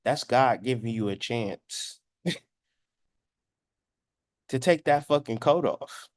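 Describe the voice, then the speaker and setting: A man in his thirties with a mid-range voice and lively intonation takes his time as he speaks. He is a spiritual astrology commentator whose preachy monologue is blunt and profane, sometimes dramatizing quoted voices in dialogue, and the recording is dry.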